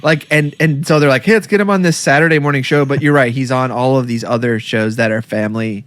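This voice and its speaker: A man's voice: mid-range voice, fairly even intonation, fast, fairly bright tone, no room sound. A man from Cleveland in casual comedic chat as a podcast co-host, laughing often and breaking into goofy impressions. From Cleveland, Ohio.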